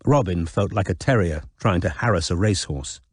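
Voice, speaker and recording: A man reading an audiobook in measured, even scripted narration. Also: sits low, husky, no room sound, studio quality.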